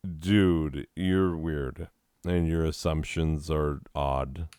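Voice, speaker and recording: A man's voice: a bass voice, fairly even intonation, extremely slow, a little mellow, clean tone, no echo, clean studio sound. A man hosting a comedy show, sarcastically mocking a listener letter and laughing at his own jokes. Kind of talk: comedic riffing monologue.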